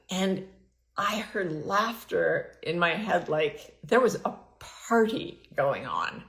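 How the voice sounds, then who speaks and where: A woman's voice: fairly low pitch, fairly bright tone, reverberant. A middle-aged woman hosting her podcast, telling a candid personal story and acting out her inner dialogue with big swings in her voice. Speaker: podcast host.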